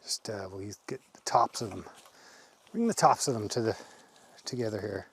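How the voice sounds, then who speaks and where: A man's voice: fairly low pitch, moderate pace, husky. A man from Canada showing a friend how to set up a fire pit at a woodland camp, practical and matter-of-fact. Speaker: bushcraft guide. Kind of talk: casual outdoor explanation. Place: woodland campsite outdoors.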